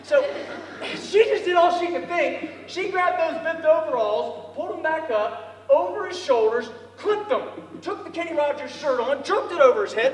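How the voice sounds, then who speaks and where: A man with a strikingly high voice spins a lively story, acting out voices and breaking into laughter. He is heard from a distance in a large, echoing hall, with a faint murmur behind him. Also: a little hiss or hum. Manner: animated, acts out voices, laughs often. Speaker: storyteller speaker. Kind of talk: storytelling speech. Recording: echoey hall from far off.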